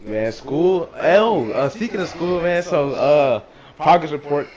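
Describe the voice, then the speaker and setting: A man's voice: fairly high pitch, animated, a little slow, lo-fi sound, a crowd in the background. A young man co-hosting a casual livestream chat in a laid-back, easygoing way. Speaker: co-host.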